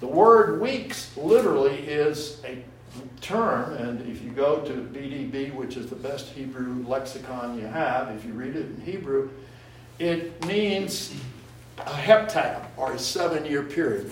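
A man's voice: medium pitch, lively intonation, measured pace, a little hiss or hum. Echoey male preacher from a distance. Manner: teaching, explaining Hebrew words to the congregation. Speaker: pastor. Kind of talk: sermon. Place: church sanctuary. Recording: echoey room, voice from far off.

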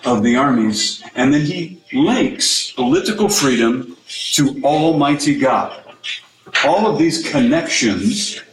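A man's voice: mid-range voice, roomy sound, rough recording. A man teaching in a sermon style, emphatic, asking rhetorical questions and repeating key phrases for weight.

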